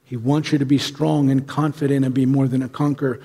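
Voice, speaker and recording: A man's voice: medium pitch, flat delivery, brisk, warm tone, breathy edge, long reverb tail. A man preaching a sermon in an urgent, pleading, conversational way. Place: large church hall.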